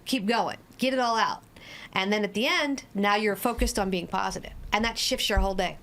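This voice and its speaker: A woman's voice: medium pitch, fairly quick, fairly bright tone, a little hiss or hum. Woman guest, 40s, addiction coach; direct, practical, walks through everyday scenarios. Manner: direct, no-nonsense, explains with everyday examples. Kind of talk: podcast interview.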